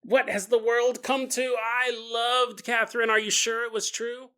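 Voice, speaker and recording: A man voicing a gossipy eighty-two-year-old woman who talks in a slow, folksy drawl full of exclamations. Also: very high voice, little pitch movement, pushed and bright, clear, resonant tone, heavily acted. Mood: scandalized.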